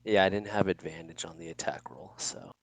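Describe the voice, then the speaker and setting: Low, gravelly man playing a tabletop game. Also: animated, no room sound, rough recording. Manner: thinking aloud, reading rules haltingly. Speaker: player. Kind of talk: casual tabletop game play.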